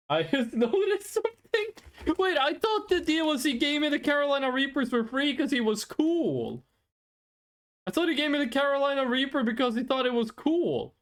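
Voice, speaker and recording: A streamer in a casual live-stream chat, rambling and excitable and often repeating words. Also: medium pitch.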